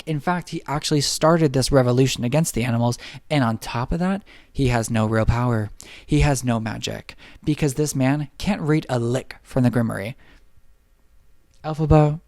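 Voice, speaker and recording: A young man giving a snarky, profane comedic movie recap, acting out characters in quick asides. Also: mid-range voice, a little mellow, no room sound, studio quality.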